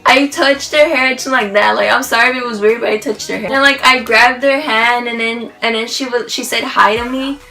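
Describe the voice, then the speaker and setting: A woman's voice: fairly high pitch, fairly quick, hardly any pauses, poor audio. A woman vlogger telling a rambling, gushing story in a casual way, full of "like" and restarts. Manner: excited, rambling, gushing, heavy use of "like".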